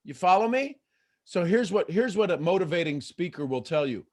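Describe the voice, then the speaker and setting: A man hosting a live coaching call, talking in an animated way and acting out the voices in people's heads. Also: sits high, normal speed. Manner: animated, acts out inner voices. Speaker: host and motivational coach.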